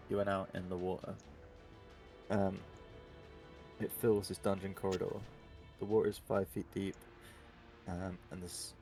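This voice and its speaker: Low gravelly male game master, relaxed, descriptive narration, faint music behind. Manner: relaxed, descriptive with frequent ums. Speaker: dungeon master.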